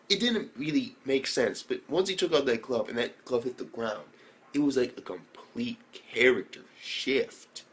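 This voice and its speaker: A young man talks through an anime episode in a loose, swearing, excitable rush. His voice sits at an ordinary middle pitch, and he keeps breaking into mock impressions of the characters. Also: normal speed. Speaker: anime reviewer. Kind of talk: casual profane recap.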